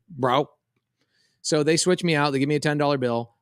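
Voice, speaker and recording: Dad telling an animated story. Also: male voice, a little high, fast, creaky, clear, resonant tone, no room sound, studio quality. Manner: animated, quotes voices in a story. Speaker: podcast co-host. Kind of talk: casual storytelling chat.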